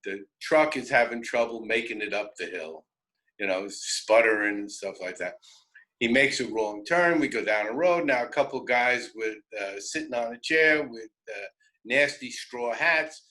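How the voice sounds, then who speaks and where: A man telling a road story on a radio show, animated and self-interrupting, often laughing. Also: mid-range voice, moderate pace, low-quality recording. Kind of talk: casual storytelling.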